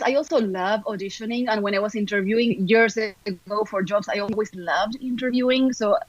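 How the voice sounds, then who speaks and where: A woman from Argentina with an Argentine Spanish accent, an actor chatting as an upbeat, animated podcast guest. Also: on the high side, no echo, muffled recording. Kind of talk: casual interview chat.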